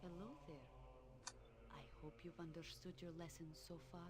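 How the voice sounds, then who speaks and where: A stern female druid ally with a Russian accent, voiced by a woman, gives firm game instructions in a lowish voice. Loud background noise runs under everything she says. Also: flat delivery, moderate pace, close to an everyday voice. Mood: serious. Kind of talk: video game tutorial voice acting.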